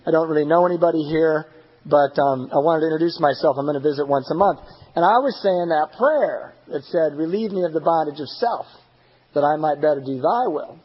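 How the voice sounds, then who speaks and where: A man's voice: on the high side, husky, dull audio. A young man speaking candidly and with self-deprecating humor as the speaker at a recovery meeting. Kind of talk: personal recovery talk. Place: meeting hall.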